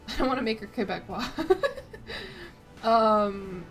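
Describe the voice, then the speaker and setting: A woman speaking a little slowly in a medium-pitched, slightly bright voice reads strategy game text aloud on stream, with faint background music. She stumbles over words, swears now and then, and chats casually, using "like" frequently.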